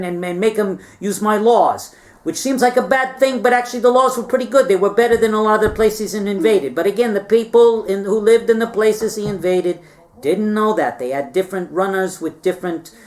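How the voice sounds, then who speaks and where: A man telling a history story in a meandering, chatty way, with playful asides and frequent check-ins with his listeners. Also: high-pitched. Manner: chatty, meandering, keeps checking in with "all right?". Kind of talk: rambling casual history retelling.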